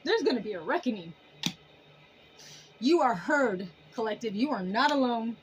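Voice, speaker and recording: A woman giving a casual tarot reading to her viewers in an animated, emphatic way, often laughing. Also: a little high, normal speed, a little hiss or hum, low-quality recording. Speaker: tarot reader.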